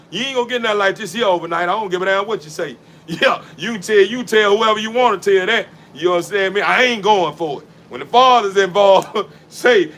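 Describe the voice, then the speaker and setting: With a high, pushed, bright voice and a little hiss or hum in the audio, a dog breeder talks casually as he bathes his dog outdoors in a yard. He laughs a lot and keeps repeating himself in preachy street talk.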